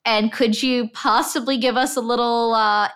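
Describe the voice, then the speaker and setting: A woman's voice: a little high, fairly even intonation, moderate pace, a bit bright. A woman co-hosting a casual interview, asking a question with a few hesitant fillers. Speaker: co-host.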